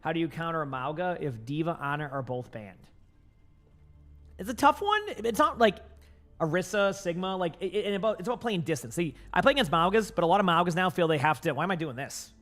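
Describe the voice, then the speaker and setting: A man's voice: fairly high pitch, quick pace, fairly bright tone, soft background music. A young man with a light Boston accent, a gaming streamer chatting casually with his viewers, rambling with lots of fillers and restarts. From Boston area.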